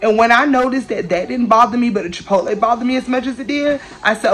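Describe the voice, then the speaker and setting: A young woman chatting casually to her viewers in a vlog, playful and quick to laugh. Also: on the high side, a bit bright, rough recording. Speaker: vlogger.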